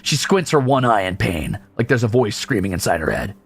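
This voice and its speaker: A man's voice: lowish voice, sing-song, a little fast, vocal fry, breathy edge. A male streamer reading a game's story aloud, with sarcastic, profane asides. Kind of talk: game read-through with commentary.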